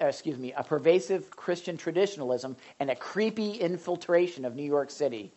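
A woman preaching an impassioned sermon, often repeating and restarting words as she builds to loud cries. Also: deep voice, highs cut off.

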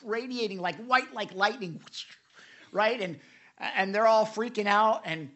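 A preacher giving an animated devotional sermon, retelling scripture with many repeated starts and asking listeners direct questions. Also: mid-range voice, measured pace, muffled recording.

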